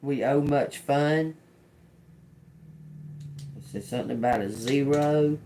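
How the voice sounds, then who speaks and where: A woman doing an intuitive tarot reading. She repeats channeled words slowly and quietly, then turns chatty when she explains them to viewers. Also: rumbling low, slight background noise. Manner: slow, murmured repetition of channeled words. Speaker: tarot reader.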